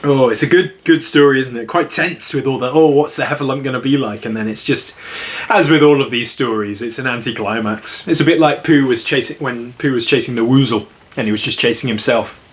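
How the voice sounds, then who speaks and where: A man reads a storybook aloud in a mid-range voice, a little on the fast side, keeping things relaxed. He follows up by chatting about the tale in an easygoing, gentle manner, with laughs coming easily.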